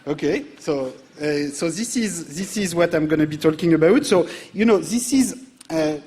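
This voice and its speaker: A man's voice: a little high, normal speed, darkish tone, slight background noise. A middle-aged man with a French accent, a native French speaker, giving a public lecture, hesitant with many fillers and restarts. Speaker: guest lecturer. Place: large lecture theatre.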